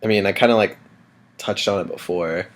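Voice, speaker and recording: A man's voice: deep voice, fairly quick. A young man in his early twenties, chatting casually in a vlog and telling stories loosely with filler words. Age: young adult. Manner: relaxed storytelling with filler words. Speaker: vlogger. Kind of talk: casual chat.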